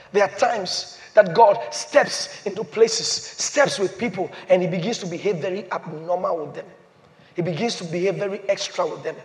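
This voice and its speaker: A man preaching a sermon as pastor, repeating phrases and swinging from loud declarations to hushed, slow emphasis. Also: very high-pitched. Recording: long hall reverb.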